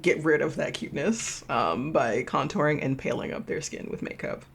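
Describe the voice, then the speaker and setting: A man's voice: on the high side, normal speed, creaky, fairly bright tone, a little hiss or hum. A man narrating as game master in a tabletop game, rambling with restarts. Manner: rambling, many fillers and restarts.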